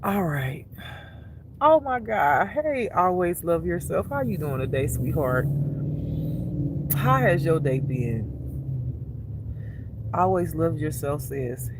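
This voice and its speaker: A man's voice: fairly high pitch, slow pace, pauses often, background noise. Tired, chatty man on a phone live stream. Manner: chatty, animated, laughs often, addresses viewers as y'all and baby. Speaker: spiritual reader streaming live. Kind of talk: casual live-stream chat.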